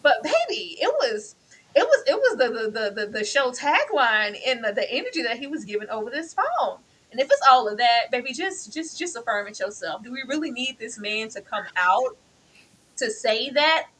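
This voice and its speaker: A woman co-hosting a casual TV review chat, animated and exclamatory, playfully teasing. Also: a little high, moderate pace, slightly rough, poor audio. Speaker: co-host reviewing a TV drama.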